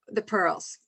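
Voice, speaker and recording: A woman in her sixties from Scotland with a softened Scottish accent, chatting in a rambling way and laughing often over a video call. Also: no echo. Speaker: guest speaker. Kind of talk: casual chat on a video call.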